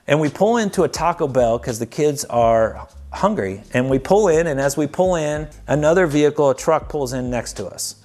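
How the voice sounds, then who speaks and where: A man's voice: on the high side, expressive, moderate pace, a little mellow. A man narrating his own story in a documentary, in an earnest, heartfelt, conversational way. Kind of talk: personal storytelling.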